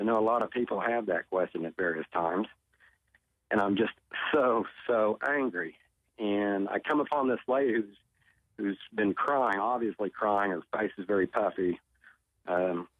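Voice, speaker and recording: Over a tinny phone line, an Oklahoma man who survived a tornado tells his own story on a talk show with earnest feeling, repeating words often. His pitch sits fairly low, and the recording is dry.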